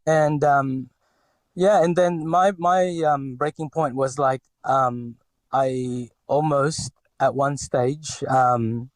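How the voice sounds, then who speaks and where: A man's voice: medium pitch, steady tone, slow, no room sound. A man in his forties from the Philippines with a light Filipino accent, talking as a podcast guest in a hesitant way with many fillers and restarts. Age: 40s. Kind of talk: podcast interview.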